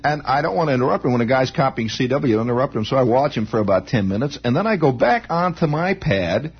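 On a dull, lo-fi old broadcast recording, a man with a slightly high, breathy-edged voice delivers a monologue. He's a radio monologist whose long story wanders wryly and grows more animated and excited as it builds.

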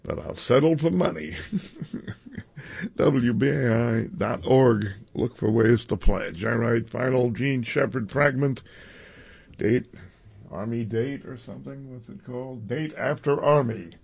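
Gravelly man making a radio pledge appeal. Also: medium pitch, slow pace, muffled recording. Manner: relaxed, joking, conversational. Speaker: radio host.

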